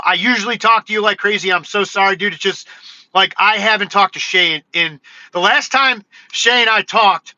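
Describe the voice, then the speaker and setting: A man hosting his own livestream, chatting loosely and excitedly with viewers, full of "dude" and "bro". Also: high-pitched, no echo, highs cut off. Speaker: livestream host. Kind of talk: casual livestream chat.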